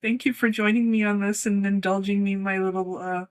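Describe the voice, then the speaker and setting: A woman's voice: mid-range voice, fairly even intonation, brisk, very noisy. A woman co-hosting a casual chat, rambling and giggling often. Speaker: co-host.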